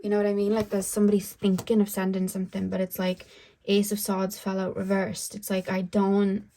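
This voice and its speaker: A woman's voice: medium pitch, monotone, brisk, dark tone, rough recording. A young woman doing a casual tarot reading, chatty, with many fillers. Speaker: tarot reader.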